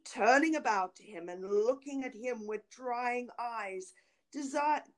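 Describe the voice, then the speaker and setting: A woman narrating an old fairy tale in an expressive, dramatic reading. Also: fairly high pitch. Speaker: reader. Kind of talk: storybook narration.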